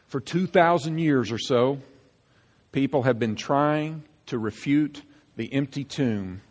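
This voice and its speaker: Male pastor, fairly high voice, animated emphatic preaching, echoing church sanctuary. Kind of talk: sermon. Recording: long reverb of a church hall.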